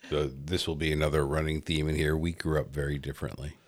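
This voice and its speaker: Very deep-voiced deadpan man. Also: fast talker, no room sound. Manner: dry, deadpan. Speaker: podcast co-host. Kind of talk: casual chat.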